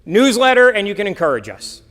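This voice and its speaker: Middle-aged man, missionary reporting to a congregation, earnest and rambling, bright, slightly high voice. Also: big pitch swings, fairly quick. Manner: earnest, rambling, with self-deprecating asides. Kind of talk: church mission report with slides.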